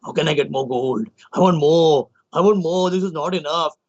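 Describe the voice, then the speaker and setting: A greedy, gold-crazed king who begs and demands in long, drawn-out phrases, as a male storyteller puts him on. His voice sits fairly high for a man. The recording sounds dull and lo-fi. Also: a little mellow, natural voice. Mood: craving. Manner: craving, pleading, drawn-out.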